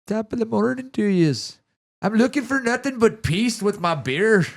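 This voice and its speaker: A man's voice: high-pitched, expressive, moderate pace, gravelly, pitched above the performer's own voice. A man putting on a thick fake Irish brogue as a hammy pub regular, over-the-top and playful, on a close podcast mic.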